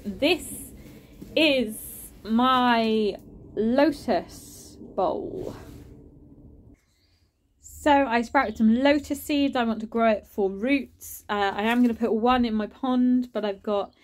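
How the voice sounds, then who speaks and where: A woman's voice: a little high, slow pace, a little hiss or hum. A woman with a stuffy, sniffly voice giving a chatty, enthusiastic tour of her garden and greenhouse. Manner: enthusiastic, chatty, names plants as she walks. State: congested, sniffing from a cold or hay fever. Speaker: gardening vlogger. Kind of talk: casual garden tour narration.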